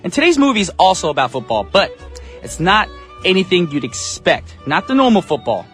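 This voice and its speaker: A man's voice: high voice, big pitch swings, brisk, fairly bright tone, faint music behind. Upbeat chatty male radio DJ. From United States. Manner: upbeat, chatty, self-joking. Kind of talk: morning radio show chat. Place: radio studio.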